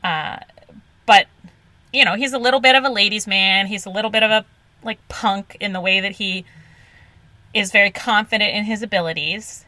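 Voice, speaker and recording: A woman co-hosting a casual comics podcast, chatty and quick to laugh. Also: mid-range voice, sharp tone, dry recording, poor audio. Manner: chatty, many "like" fillers, laughs easily. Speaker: podcast co-host.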